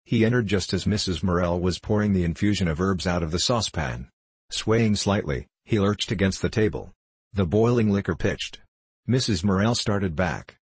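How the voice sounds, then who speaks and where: A male audiobook narrator reads a novel in a steady, measured voice. The voice is low and husky. It is recorded close and dry, with no room sound. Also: no room sound.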